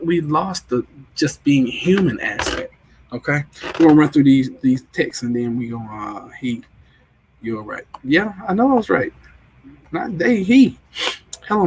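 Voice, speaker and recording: A man in his forties hosts a relaxed live stream and chats with his viewers by name. His voice sits a little high for a man and has a husky, breathy edge. He talks in an open, emotional way. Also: poor audio. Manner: emotional, chatty, greets viewers and reads their comments. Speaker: livestream host.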